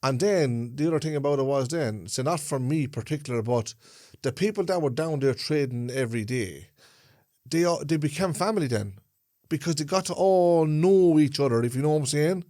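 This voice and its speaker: A middle-aged Irish man chats in a relaxed podcast conversation, pausing and hunting for the right words. His voice sounds dry and close, with no room around it. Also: fairly high pitch, dry recording. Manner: musing, searches for words with many fillers. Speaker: podcast co-host. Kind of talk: casual chat.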